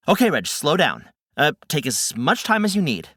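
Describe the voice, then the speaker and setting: A man hosting a children's story podcast, playful and expressive in a scripted storytelling style. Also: a little high, normal speed, no echo, clean studio sound.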